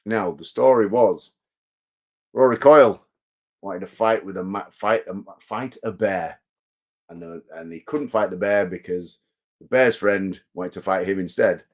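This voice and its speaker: A man's voice: lowish voice, unhurried, gravelly. A man, a wrestler guesting on an interview show, telling rambling self-deprecating stories. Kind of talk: casual interview chat.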